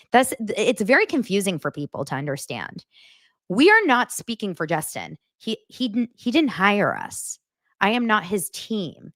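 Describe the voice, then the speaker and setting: A woman hosting her own podcast, talking straight to her listeners in animated, casual commentary with lots of filler words. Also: medium pitch, measured pace, dry recording, studio quality. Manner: animated, talks directly to listeners, many "like" fillers. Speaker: podcast host.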